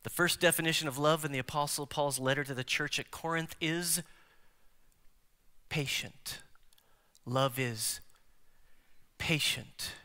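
A man preaching a sermon as a pastor in a church, swinging between emphatic declarations and hushed near-whispers and putting questions straight to the congregation. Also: a little high, fairly even intonation, measured pace, pauses often. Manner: engages the congregation with direct questions. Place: large church sanctuary. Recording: long hall reverb from church sanctuary.

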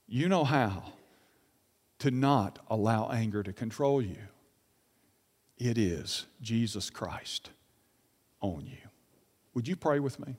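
This middle-aged man's preaching carries a breathy edge as it rings through a reverberant church hall. Delivering his sermon as pastor, he swings between emphatic highs and hushed lows, throwing rhetorical questions at the congregation.

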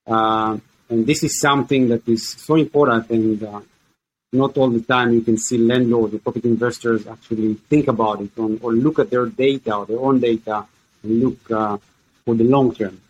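Man, podcast host, mid-pitched voice, hesitant, halting, lots of fillers. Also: fairly even intonation, low-quality recording. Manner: hesitant, many fillers and restarts, searching for words. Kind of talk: casual podcast chat.

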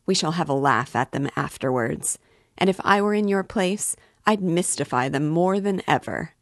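A woman voicing a hearty, excitable young man in an audiobook reading, speaking eagerly and with emphasis. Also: low-pitched, normal speed, dry recording, studio quality.

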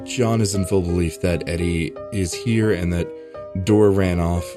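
A man running a tabletop role-playing game as game master, relaxed and full of fillers. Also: low voice, unhurried, over music.

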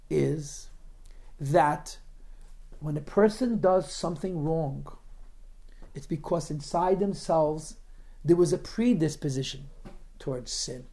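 The speaker is a man teaching Torah, his voice fairly high and mellow. He puts rhetorical questions to the class and takes up the points his students raise.

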